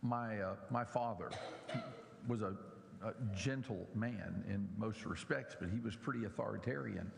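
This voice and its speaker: A man's voice: on the low side, measured pace, creaky, big-room sound, slight background noise. A middle-aged man preaching a sermon in a church, animatedly mocking the scoffers in his story.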